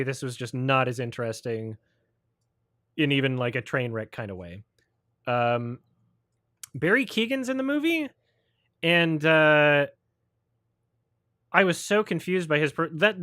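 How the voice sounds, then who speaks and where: In clean, studio-quality audio without echo, a man on the higher side of pitch hosts a film review livestream. He sounds animated and fairly bright, talks at normal speed with frequent pauses, and rants sarcastically and profanely, mocking others through put-on quotes.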